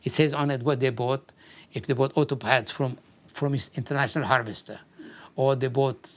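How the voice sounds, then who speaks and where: An older man from Afghanistan, telling his life story in an oral history interview, halting and often repeating words. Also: mid-range voice, steady tone.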